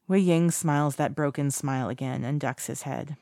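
Steady audiobook narrator, gravelly texture, dry sound. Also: mid-range voice, moderate pace, no echo.

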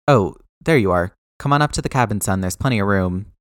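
A calm, fatherly captain, played by a man reading an audiobook, speaks with steady authority. The voice is low and the sound dry and close. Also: a little fast, clear, resonant tone, dry recording, close to an everyday voice. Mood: warm.

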